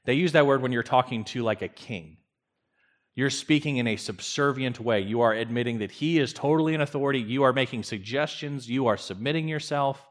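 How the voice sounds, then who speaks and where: A man's voice: mid-range voice, a little fast. Earnest man preaching with emphatic swings. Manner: earnest preaching, emphatic rises and drops, occasional stammered restarts. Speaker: pastor. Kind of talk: sermon.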